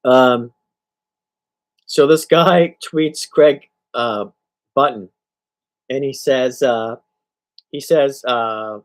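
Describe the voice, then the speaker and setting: A man's voice: medium pitch, steady tone, drawn-out words, pauses often. Male stream host, casual live reaction talk, reads aloud, chuckles, lots of fillers. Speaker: livestream host.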